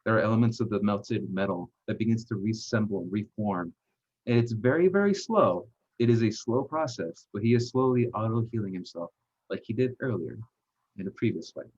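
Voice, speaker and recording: A man narrating as game master of a tabletop game, halting, with frequent pauses and fillers. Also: lowish voice, expressive, darkish tone, husky. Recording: dull lo-fi recording.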